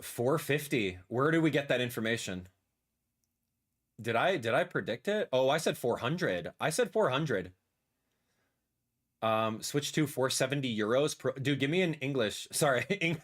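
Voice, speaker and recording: Animated, exasperated young man ranting. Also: mid-range voice. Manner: animated, exasperated rants with sudden loud outbursts. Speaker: streamer reacting live. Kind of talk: casual livestream reaction.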